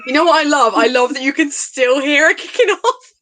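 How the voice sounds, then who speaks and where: A woman's voice: sits high, animated, brisk, a bit bright. A young woman hosting a livestream book club, chatting casually and teasing her guests with frequent laughter. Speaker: livestream host. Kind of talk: casual chat.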